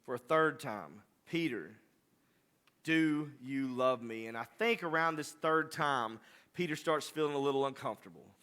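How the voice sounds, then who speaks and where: A man's voice: medium pitch, expressive, normal speed, fairly bright tone. A man preaching a sermon, rising to impassioned, emphatic delivery. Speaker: pastor.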